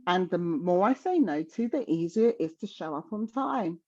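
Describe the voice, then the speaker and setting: A woman's voice: fairly low pitch, expressive, normal speed, darkish tone. Frank South London woman, muffled audio. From South London, England. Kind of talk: casual conversation.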